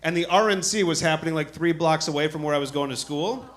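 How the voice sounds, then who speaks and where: A man's voice: fairly high pitch, fast talker. A man from Chicago in his thirties doing a casual stand-up set on a club stage, telling a story and acting out the people in it. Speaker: stand-up comedian. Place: comedy club stage with audience.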